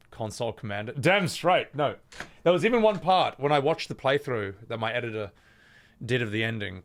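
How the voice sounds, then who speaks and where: A man streaming live, arguing with an AI chatbot, excitable and quick to shout with laughter and swear. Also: mid-range voice.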